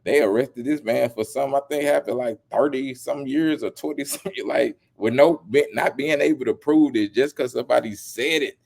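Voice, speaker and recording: Gravelly, emphatic male vlogger. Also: mid-range voice, a little fast, hardly any pauses. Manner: animated, emphatic, slangy. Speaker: commentary vlogger. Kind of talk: casual commentary.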